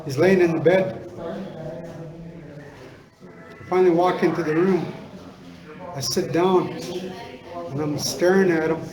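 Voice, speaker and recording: A middle-aged man telling a personal story to listeners, halting and repetitive, circling back on his words with many fillers. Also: a little high, steady tone, poor audio. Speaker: speaker sharing a personal story. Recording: crowd noise audible behind.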